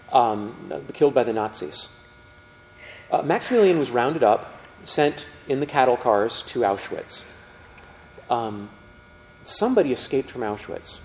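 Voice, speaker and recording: Man telling a story in an echoing hall. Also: darkish tone. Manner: conversational, asks the audience questions. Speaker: Catholic teacher. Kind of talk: storytelling talk to a group. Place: meeting room with tables. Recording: reverberant hall, faint rumble.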